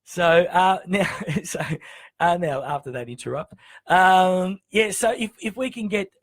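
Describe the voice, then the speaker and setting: A man with an Australian accent hosting a casual music chat show, talking in a hesitant, halting way with many restarts. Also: high-pitched. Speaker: show host.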